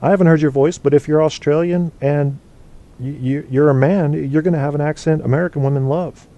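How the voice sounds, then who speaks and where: Mellow-voiced, rambling man hosting an online show. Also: a little high, fairly even intonation, brisk, muffled recording. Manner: rambling and profane, thinking aloud. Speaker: internet radio host. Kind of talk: casual live chat show, answering chat.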